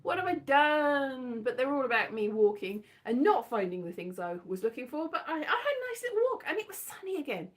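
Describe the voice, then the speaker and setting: Talking fast with few pauses, a woman with a high-leaning, very animated voice vlogs from home on her phone. The chat is chatty, scattered and self-deprecating, dotted with silly sung lines over a backdrop of keyboard music.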